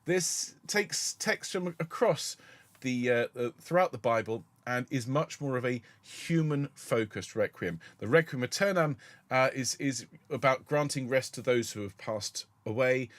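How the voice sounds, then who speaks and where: A man leading a choir rehearsal, explaining the music in a gentle, encouraging way. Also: medium pitch, dry recording. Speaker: choir director.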